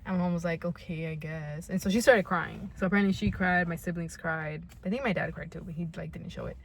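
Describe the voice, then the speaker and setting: A woman's voice: fairly low pitch, fairly even intonation, fast talker, vocal fry, a little hiss or hum. A young woman from California co-hosting a podcast, telling a story in casual chat. She swears freely, leans on "like," and acts out her own past lines. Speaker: podcast co-host.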